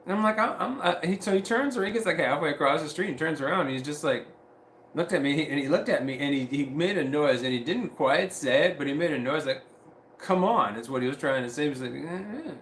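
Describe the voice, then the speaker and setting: Speaking quickly in a fairly high voice, a man rambles through a long story on a laid-back livestream, swearing, restarting frequently, and doing animated voices for the people he quotes. The room echoes, and there's slight hiss or hum.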